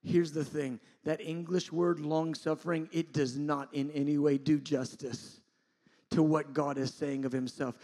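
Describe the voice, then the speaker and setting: Impassioned preaching man, loud to hushed. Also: a little high. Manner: swings from loud impassioned preaching to quiet intimate asides. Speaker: pastor. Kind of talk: sermon.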